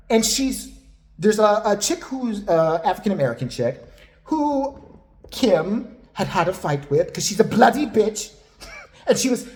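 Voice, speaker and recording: A woman vlogger casually recapping a reality show in an animated, gossipy way. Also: medium pitch. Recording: echoey room.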